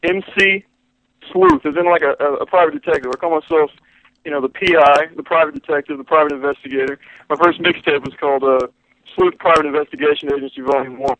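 A man's voice: on the high side, expressive, fast, creaky, fairly bright tone, lo-fi sound. A man chatting as a guest rapper in a joking, evasive way. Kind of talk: casual comedic chat.

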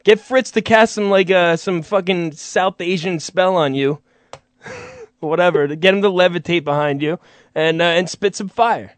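A man's voice: high-pitched, normal speed, no echo. A man hosting a casual comedy chat, teasing his guests and laughing often. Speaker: host.

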